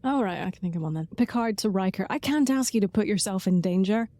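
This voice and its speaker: A woman co-hosting a relaxed podcast, talking at a middle pitch. She eagerly rattles off trivia and fun facts. Her voice sounds dry and close, with no room behind it. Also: fast talker, no room sound. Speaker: podcast co-host. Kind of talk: casual podcast chat.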